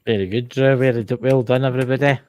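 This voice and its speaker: A man's voice: medium pitch, steady tone, fast, darkish tone, clear, resonant tone. A man with a Scottish accent hosting a casual livestream chat, talkative and repeating himself with lots of "you know". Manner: chatty, repeats words, leans on fillers like "you know". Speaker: paranormal show host.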